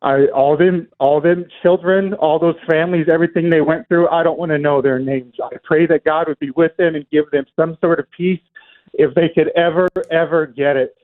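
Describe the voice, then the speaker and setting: Earnest upset guy calling a radio show, higher voice, tinny phone sound. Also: steady tone, normal speed. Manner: earnest, aggrieved, hesitant. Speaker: radio caller. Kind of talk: call-in radio.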